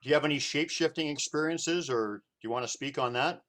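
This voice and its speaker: A man's voice: a little high, fast talker, fairly bright tone. A man hosting a casual interview show, talking loosely and filling his sentences with "you know" and "whatever". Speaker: show host.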